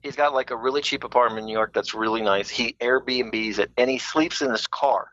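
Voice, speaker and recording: A man's voice: mid-range voice, a little fast, fairly bright tone, highs cut off. A man calling in by phone, chatting and telling stories. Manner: chatty storyteller. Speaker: caller. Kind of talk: casual chat over the phone.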